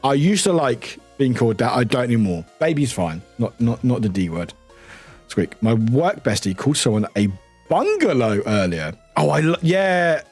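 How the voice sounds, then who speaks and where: A man's voice: medium pitch, very animated, normal speed, a little mellow, husky. A man from the United Kingdom, a streamer, chatting casually with viewers, laughing often, swearing and reading chat aloud. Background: faint background music.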